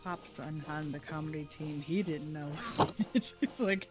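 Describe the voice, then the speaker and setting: A woman's voice: mid-range voice, takes it slowly, sharp tone, faint music behind. A woman livestreaming a game from home, chatting playfully and laughing often. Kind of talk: casual gameplay livestream chat.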